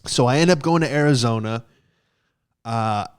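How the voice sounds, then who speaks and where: A young male podcast host tells a story in a loose, funny, meandering style, swearing and filling it with verbal fillers. His voice is medium in pitch, clear and resonant, at an ordinary pace.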